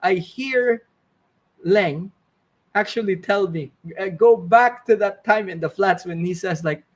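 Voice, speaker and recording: A man with a high voice tells a casual, rambling story. He swears freely and fills his talk with "like" and "you know.". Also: unhurried. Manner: rambling, swearing, many fillers. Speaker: fishing channel host.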